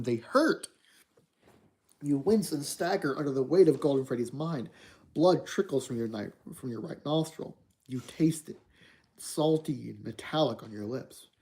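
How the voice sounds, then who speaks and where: Streamer reading a spooky book out loud, mellow darker voice, steady pace. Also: medium pitch. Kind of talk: reading a story aloud on stream.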